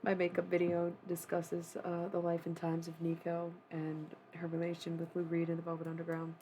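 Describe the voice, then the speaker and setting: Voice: medium pitch, completely flat delivery, a little fast, mellow, a little hiss or hum. A streamer and self-styled necromancer chatting casually on a live stream and retelling a singer's life story, with rambling, offhand asides to the chat.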